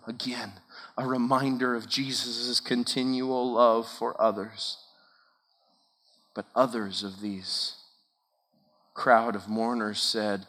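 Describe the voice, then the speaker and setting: A man preaching a sermon at a camp, dramatic, swinging from loud emphatic peaks to hushed low asides and asking the listeners rhetorical questions. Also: fairly even intonation, slow pace. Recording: long hall reverb.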